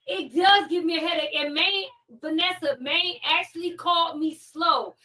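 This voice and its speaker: A woman hosts a live stream in a high, bright voice, ranting with fiery energy and circling back to the same pointed questions again and again. Her voice sounds a little distant from the mic. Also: normal speed. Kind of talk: heated live-stream commentary.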